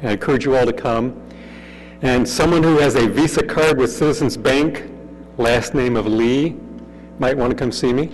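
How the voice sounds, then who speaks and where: A man's voice: medium pitch, normal speed. Man, conference emcee, casual announcements, long reverb, faint hum. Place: conference hall.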